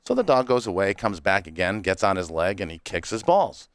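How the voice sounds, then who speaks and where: A man's voice: low voice, big pitch swings, a little fast, clear, resonant tone, no room sound, clean studio sound. A man who runs a cigar company, a guest on a podcast, telling stories casually and laughing between lines. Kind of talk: casual storytelling chat.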